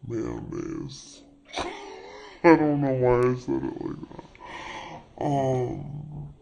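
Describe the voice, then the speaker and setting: Guy doing a slowed-down flirty gal fussing over her man, super draggy and gravelly, comedy bit. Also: medium pitch, steady tone, mellow, a little hiss or hum, heavily acted, low-quality recording. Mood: doting. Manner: drawn-out, halting and teasing. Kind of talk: slow-motion comedy skit.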